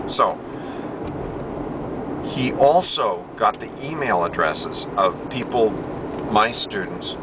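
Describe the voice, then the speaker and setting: An American man, an English teacher, earnestly pitching his ideas in a rambling monologue while sitting in a car, often correcting himself mid-sentence. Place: inside a car on a city street. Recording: distant mic with loud road noise.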